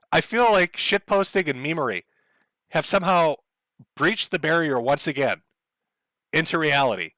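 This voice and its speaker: Male streamer, sardonic profane rant, bright higher voice, dry sound. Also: dry recording. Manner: sardonic, profane, laughs often. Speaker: livestream host. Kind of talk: casual livestream rant.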